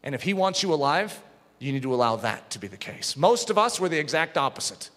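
A man preaching a sermon as pastor, impassioned, dropping to a hush and rising to shouts. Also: a little high, big pitch swings, brisk. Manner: impassioned, swings from hushed to shouting. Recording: long hall reverb.

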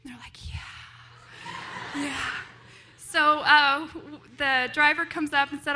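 Bubbly high-voiced woman telling a story. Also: normal speed, pushed and bright, a little hiss or hum. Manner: bubbly, breaks into laughs, acts out quoted voices. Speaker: church member sharing a testimony. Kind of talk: personal story told in a sermon.

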